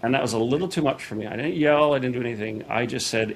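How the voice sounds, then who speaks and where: A man's voice: mid-range voice, fast talker, creaky. Man, middle-aged, casual storytelling, quoting people, faint hiss behind. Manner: animated retelling with quoted dialogue. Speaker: podcast guest.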